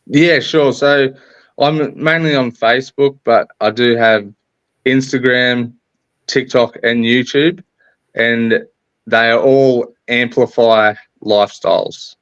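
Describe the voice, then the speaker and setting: A man's voice: mid-range voice, fairly even intonation, takes it slowly, a bit bright, clean tone, no echo. An Australian man talking as a podcast guest over a recorded online call, sharing motivational messages in an earnest, upbeat way. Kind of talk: casual interview talk. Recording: dull lo-fi call audio.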